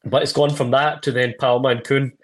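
A man on a football podcast panel, speaking in a measured, analytical way with frequent ums. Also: mid-range voice, flat delivery. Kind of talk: casual football chat.

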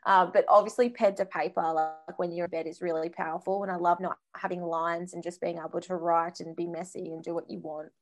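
Woman, co-host, casual reflective chat, loose pauses. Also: fairly low pitch. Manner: relaxed, reflective, trails off with fillers. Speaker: podcast co-host.

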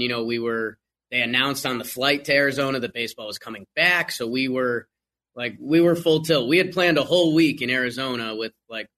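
A man talking baseball in a casual podcast chat, animated and full of quick restarts. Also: mid-range voice. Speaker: podcast guest.

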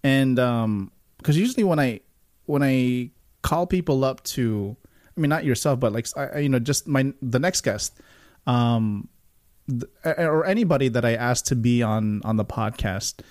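A man's voice: medium pitch, a little slow, darkish tone. A man guesting on a podcast, talking eagerly and stumbling over repeated words. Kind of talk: casual podcast chat.

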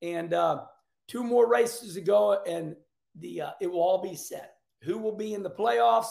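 A middle-aged man hosts a casual racing talk show, animated and folksy with loud outbursts. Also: sits high, a little slow, creaky. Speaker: show host. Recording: echoey room.

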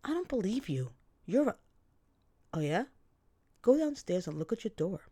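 A woman's voice: mid-range voice, very animated, moderate pace, slightly rough. A woman telling a personal story on the radio in a wry, dramatic way, acting out bits of dialogue. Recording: loud vehicle noise behind.

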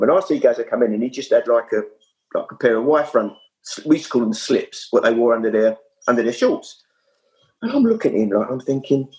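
A man, a former kit man, telling anecdotes as a guest in casual chat, with lively storytelling. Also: mid-range voice, poor audio. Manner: animated, lively storyteller with frequent restarts.

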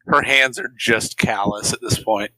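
A man's voice: fairly low pitch, fairly even intonation, measured pace, sharp tone, no room sound, poor audio. A man co-hosting a podcast, chatting casually with dry, laid-back asides. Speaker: podcast co-host. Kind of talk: casual movie-riffing chat.

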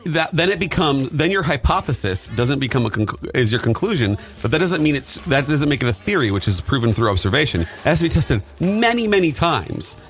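A man's voice: medium pitch, sing-song, a little fast, hardly any pauses. A man co-hosting a casual podcast chat, rambling with many restarts and laughing often. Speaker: podcast co-host.

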